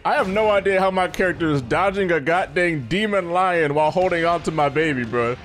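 A man giving excitable, slangy let's play commentary, often yelping into high squeals. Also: a little fast. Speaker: gaming YouTuber. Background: faint game music.

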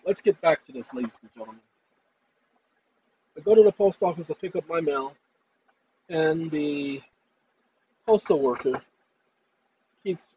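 A man's voice: a little high, darkish tone, husky, poor audio. A man hosting his own channel, talking to viewers in an emphatic, combative, colloquial monologue. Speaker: channel host.

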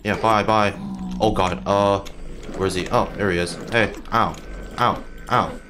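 Low-voiced young man swearing at his game. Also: fairly even intonation, a little slow, noisy background. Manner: frustrated, swears a lot, yelps at hits. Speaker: gaming channel host. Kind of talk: casual gameplay commentary.

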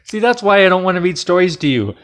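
A man's voice: high-pitched, expressive, quick pace. A man casually reading a short scary bedtime story at home, joking and laughing along the way. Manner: playful, jokey, laughs often. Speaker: storyteller host.

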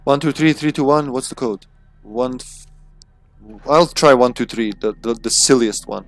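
A man live-streaming a co-op game, chatting casually, laughing often and thinking out loud. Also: medium pitch, normal speed. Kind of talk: casual co-op gameplay chat.

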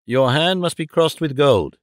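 A man voicing a cynical young gentleman in an audiobook, dropping dry, mocking asides in a lower voice. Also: animated, unhurried, no echo. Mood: wry. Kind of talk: audiobook reading.

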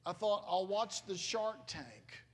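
A man's voice: sits high, animated, slow. A middle-aged man, a pastor, preaching a sermon in a conversational, emotional storytelling manner with exclamations.

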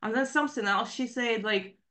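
Woman in her 40s on a video call, kinda high voice, halting and earnest, lots of "you know, like". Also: bright, forceful tone. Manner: earnest and emotionally raw. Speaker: participant asking in a live Q&A. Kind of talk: emotional personal storytelling.

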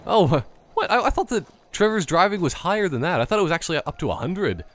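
A man's voice: high-pitched, sing-song, quick pace, fairly bright tone. A man giving casual let's-play commentary, rambling and joking through tangents. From Canada. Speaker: gameplay commentator.

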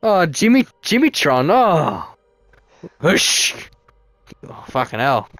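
Lively, crude young man joking late at night. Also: fairly high pitch, slow pace, dry recording, faint music behind. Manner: crude, teasing, laughs a lot, swears freely. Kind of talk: casual late-night chat between friends.

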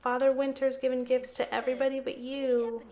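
A young woman giving casual commentary while playing a life-simulation game, chatty and quick to exclaim when things go wrong. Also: high-pitched, level tone, a little mellow. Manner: chatty, sympathetic, exclaims often, easily exasperated. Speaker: let's play gamer.

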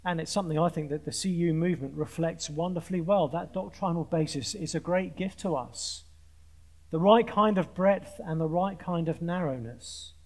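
A man preaching with a high, light voice, earnest and pointed, with a dry sense of humour. He builds points through repeated phrases and stumbles briefly into restarts. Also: moderate pace. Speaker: conference speaker preaching. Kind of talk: sermon to a student audience. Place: large conference hall with an audience.

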